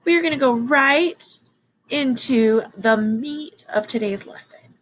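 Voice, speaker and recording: A woman teaching a children's math lesson, excited and encouraging as she counts along with her class. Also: high-pitched, slow pace, low-quality recording.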